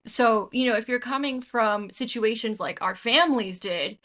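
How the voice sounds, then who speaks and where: A woman's voice: fairly high pitch, normal speed, sharp tone. A woman hosting a casual conversation, emphatic and opinionated, from the United States. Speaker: host.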